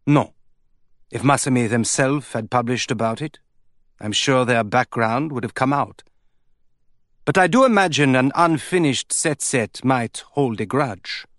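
A man reading an audiobook, voicing a calm, measured man who speaks quietly and incisively. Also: no echo, studio quality, natural voice. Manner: measured, low.

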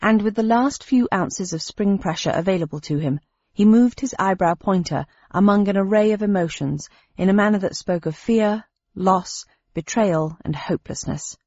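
A woman narrating a story in the first person, wry and steady. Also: medium pitch, normal speed, dry recording. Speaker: audiobook narrator. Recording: dry, slightly dull lo-fi sound.

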